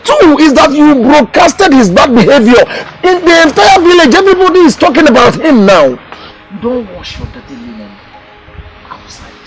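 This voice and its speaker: A man's voice: very high-pitched, very animated, moderate pace, loud music behind the voice, low-quality recording. An actor playing an elder brother counseling his sibling, with a Nigerian accent. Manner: reasoning, counseling. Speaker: brother and mediator.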